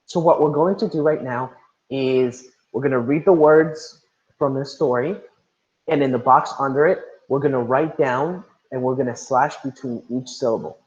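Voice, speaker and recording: Over a video call, a man teaches an online class at a moderate pace, his medium-pitched voice leaning darkish in tone. He repeats his instructions and addresses students by name, captured in roomy, muffled lo-fi audio.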